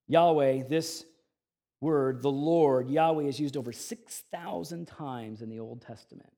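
A man preaching a sermon, his voice swelling loud on key phrases and dropping soft between them. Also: mid-range voice, measured pace. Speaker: pastor.

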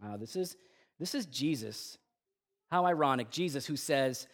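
A man preaching a Good Friday sermon with intense, swinging delivery, casual asides and slang between loud emphatic lines and hushed low ones. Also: normal speed. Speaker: pastor.

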